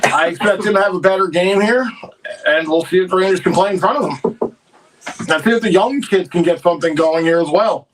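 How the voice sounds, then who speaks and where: A man's voice: high voice, fairly quick, distant mic, slight background noise, low-quality recording. A man co-hosting a hockey livestream, giving casual, opinionated and frustrated commentary on his team. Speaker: livestream co-host.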